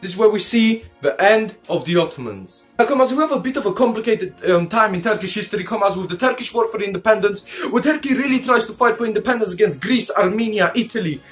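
A high, slightly bright male voice races along with few pauses as an animated mock commander hosting a comedic history video, with soft music underneath. He calls viewers "comrades" in almost every line, swears, jokes crudely and breaks into laughter and silly asides.

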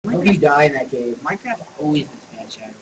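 Gamer guy, joking and profane, higher voice, far from the mic, noisy background. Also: lively intonation, fast talker, dull audio. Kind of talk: casual gaming chat. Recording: distant mic with room noise.

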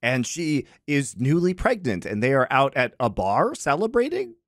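Lively-voiced man hosting a podcast. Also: mid-range voice, normal speed, no echo, clean studio sound. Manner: chatty, stumbling restarts, laughs often. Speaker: podcast host. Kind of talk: casual chat.

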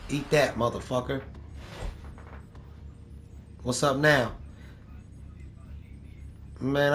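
A man with a high, raised voice trash-talks a rival player over his game commentary, taunting and boastful. He swears constantly and hammers the same jabs over and over. A faint hiss of noise sits under the recording. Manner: taunting, boastful, profane, repeats lines for effect. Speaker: gaming YouTuber.

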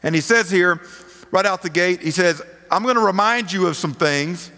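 A man's voice: high-pitched, moderate pace, bright, forceful tone. A male preacher gives a conversational sermon, reading scripture aloud and asking his listeners casual rhetorical questions. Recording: long reverb of a large hall.

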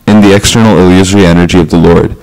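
A man with a very low voice, speaking as a student in a class. He recites a scripture verse hesitantly and fills his pauses with ums. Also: fairly even intonation, a little mellow, soft background music, poor audio.

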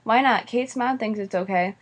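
A woman's voice: a little high, moderate pace, lo-fi sound, natural voice. A woman reading as a whiny teen girl. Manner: whiny, sarcastic. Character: sarcastic teenage girl, eager to fit in.

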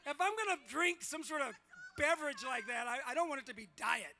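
A man in his sixties, a celebrity guest at a convention panel, joking and teasing with fans, often shouting and laughing. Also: extremely high pitch, animated, brisk, creaky. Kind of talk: loud playful banter with fans. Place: large convention hall.

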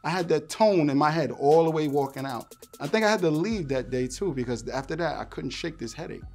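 Brief: man, former cop, tells war stories with lively, swinging delivery, faint music bed. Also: fairly high pitch, fairly quick. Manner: animated storyteller, acts out voices in quotes. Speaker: former police officer. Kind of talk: storytelling interview.

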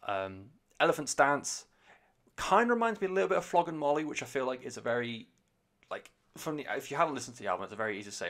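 A man's voice: mid-range voice, big pitch swings, quick pace, a bit bright. A man giving a rambling, enthusiastic and sweary casual review of an album on a podcast.

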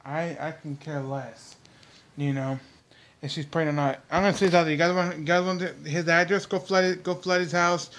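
A man's voice: on the high side, fairly even intonation, a little fast, a bit bright. A young man hosting his own vlog, ranting heatedly and repetitively straight at his viewers. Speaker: vlog host.

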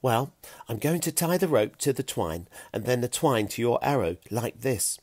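A man voicing a clever, eager Stone Age boy with a bright, excited delivery. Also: medium pitch, moderate pace, no room sound, lightly acted. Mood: explaining.

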